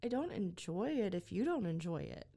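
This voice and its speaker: A woman speaks as a podcast guest, working through a personal story with earnest, halting phrasing and frequent restarts. Her voice carries a gravelly, fried texture at a middling pitch. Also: big pitch swings, dark tone, a little hiss or hum.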